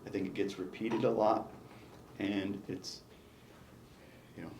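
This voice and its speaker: A man's voice: on the low side, flat delivery, a little slow, a little mellow, roomy sound, a little hiss or hum. A man, a retiring battalion chief, reflecting in an exit interview, emphatic and given to restarts. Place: indoor meeting room.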